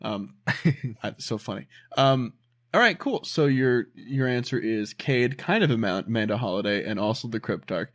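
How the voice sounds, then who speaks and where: A man hosting a casual podcast about games, his voice bouncing up and down in pitch as he jokes and laughs between questions. He talks loosely and keeps the chat moving along. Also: moderate pace. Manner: laughs often, animated and joking. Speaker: podcast host.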